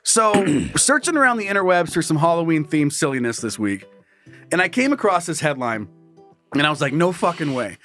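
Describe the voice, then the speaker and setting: A man's voice: on the high side, very animated, fairly quick, soft background music. A man co-hosting a comedy podcast, chatting casually, laughing a lot and acting out scenes. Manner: laughs often, acts out voices with shouts. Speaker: podcast co-host.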